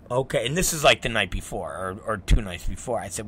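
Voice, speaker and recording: A man hosting a talk show, telling a profane story in animated, rambling fashion and acting out both sides of arguments. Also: fairly low pitch, breathy edge. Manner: animated, profane, quotes people in quick back-and-forth. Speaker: podcast host.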